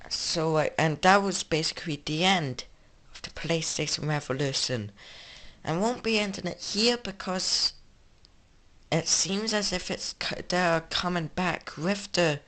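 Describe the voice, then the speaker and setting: Talking through games in an unhurried, fairly bright, high voice, a gaming channel host with an English accent rambles casually, restarting often and leaning on fillers.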